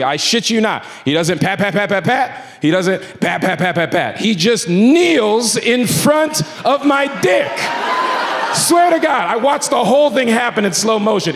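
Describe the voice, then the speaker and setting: A male stand-up comedian telling a story on stage in an animated, profane way, with asides to a live audience. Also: a little high. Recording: echoey venue with audience laughter.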